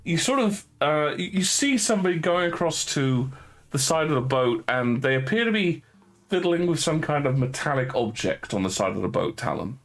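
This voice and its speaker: A man's voice: a little high, expressive, normal speed. A man running a tabletop game as game master, narrating the scene and wryly teasing the players about their dice. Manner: wry, teasing about bad dice rolls.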